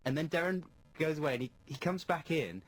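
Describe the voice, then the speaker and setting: A man co-hosting a radio show in a studio, telling stories in casual, animated banter. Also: a little high, fairly quick. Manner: animated storytelling with lively shifts in tone. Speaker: radio co-host. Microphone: studio microphone.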